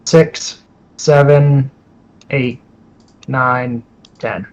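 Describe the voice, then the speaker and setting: A man's voice: medium pitch, steady tone, drawn-out words, dull audio, a little hiss or hum. A man playing a tabletop role-playing game, talking casually and hesitantly, with lots of fillers. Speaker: player.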